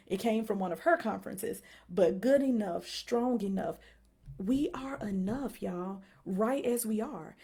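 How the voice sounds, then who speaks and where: A woman in her thirties with a Southern American accent, a psychologist giving a lively live-stream announcement and calling out to her viewers as y'all. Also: medium pitch, gravelly. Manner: energetic, repeatedly addresses audience as y'all. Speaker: psychologist and speaker.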